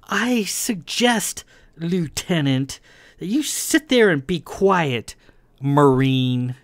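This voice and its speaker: A man reading a hot-tempered, insubordinate young woman lieutenant, mocking and sharp-tongued. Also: fairly high pitch, lively intonation, takes it slowly, dry recording, exaggerated voice. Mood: condescending. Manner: condescending, shouting and mocking.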